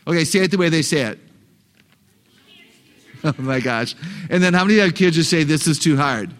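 Male seminar speaker, upbeat and humorous, quizzes the crowd, higher-pitched voice. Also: moderate pace. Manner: animated, joking, asks the audience questions. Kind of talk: live talk to an audience of parents.

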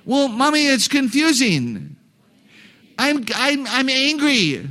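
Whiny homework-dodging child, high pleading voice, put on by a man. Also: big pitch swings, slow, bright, forceful tone, full character voice. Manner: whining, stalling, high and pleading.

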